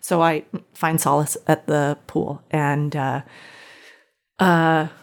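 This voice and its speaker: A woman's voice: low voice, level tone, slow, creaky. A woman telling a personal story in casual conversation, rambling with many fillers and restarts.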